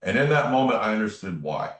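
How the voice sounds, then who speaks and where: Interview guest: very low-voiced man, earnest storyteller, recorded in an echoey room away from the mic. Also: very animated, fast talker. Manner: earnest, repetitive, emphatic phrasing. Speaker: guest, tarot reader and spiritual medium. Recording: roomy echo, distant from the mic.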